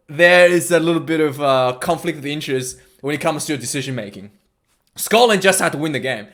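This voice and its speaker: A man giving a casual, rambling recap of a rugby match, excitable and full of asides. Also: on the high side.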